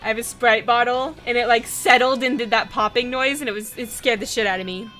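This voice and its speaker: Lively, bright-voiced woman streamer. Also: fairly high pitch, faint music behind. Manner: expressive, quick to laugh and swear. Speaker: let's play streamer. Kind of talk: casual commentary over a game reading.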